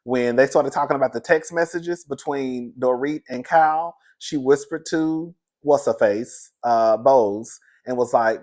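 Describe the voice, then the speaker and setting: A man's voice: medium pitch, unhurried. A young man recapping a reality show in casual, sassy commentary, laughing often and calling the listener "girl".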